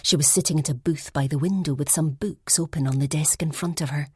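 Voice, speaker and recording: A woman narrating a first-person mystery audiobook in a measured storytelling manner. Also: low-pitched, breathy edge, dry recording, studio quality.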